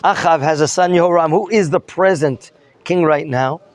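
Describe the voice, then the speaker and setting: A man's voice: a little high, moderate pace, no room sound. A man teaching a Torah lesson as a rabbi, questioning his students and mixing in Hebrew terms. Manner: questions the students and prompts answers.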